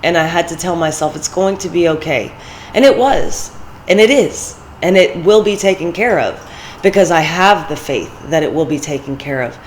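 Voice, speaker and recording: A woman's voice: on the low side, expressive, normal speed, slight background noise, rough recording. Chatty woman telling a story. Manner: chatty storytelling, laughs often. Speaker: vlog host. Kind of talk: casual motivational monologue.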